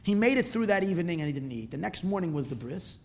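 Male religious teacher, slightly high-pitched voice, animated storyteller who builds volume through repetition. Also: quick pace, slight background noise. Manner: animated, repetitive storytelling that swells louder at dramatic points. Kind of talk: storytelling lesson ending in a blessing.

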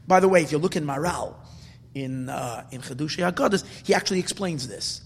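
Man, Talmud class lecture, husky voice, long reverb, explanatory, repeats himself, emphatic. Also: a little high, brisk. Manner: explanatory, repeats and restarts, builds to emphatic bursts. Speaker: Torah teacher.

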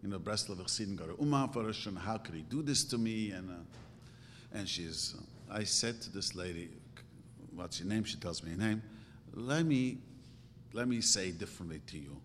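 A man speaks in an earnest, emphatic way, his voice swelling into loud bursts as he makes a point. The sound carries a long hall reverb over a faint low rumble. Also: expressive, a little fast. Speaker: rabbi giving advice. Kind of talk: informal religious talk.

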